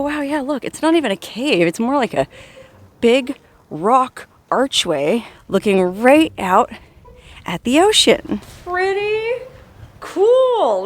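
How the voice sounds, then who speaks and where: A woman narrating a travel vlog outdoors on a coastal trail, in a wry, joking, self-mocking way. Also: mid-range voice. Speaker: travel vlogger.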